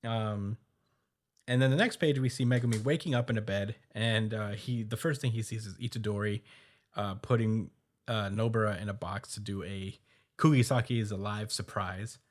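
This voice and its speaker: Male podcast co-host, lowish voice, loose filler-heavy recap style. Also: fairly even intonation. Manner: loose, filler-heavy retelling with quick quoted asides and laughs. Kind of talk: casual podcast chat.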